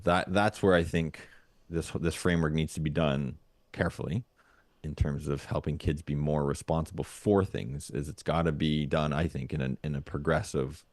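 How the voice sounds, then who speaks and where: Super low voiced guy on a podcast, dry mic, kinda musing out loud with lots of ums. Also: fairly even intonation, normal speed, dry recording. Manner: reflective, thinks aloud with many fillers and restarts. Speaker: podcast co-host. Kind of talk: casual podcast chat.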